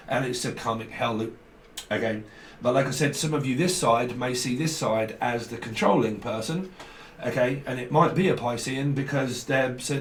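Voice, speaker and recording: A man talks through a tarot spread in a blunt, casual way. He swears freely and circles back over the same phrases. His voice sits at a middle pitch and sounds off-mic in a roomy space with faint noise behind it. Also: recorded from a distance. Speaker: tarot reader. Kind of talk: casual tarot reading to camera.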